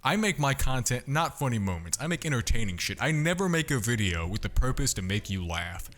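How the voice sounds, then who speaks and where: A man's voice: medium pitch, very animated, fairly quick, a bit bright. A young man talking casually as a podcast guest, brash, boastful and full of swearing. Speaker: podcast guest, content creator.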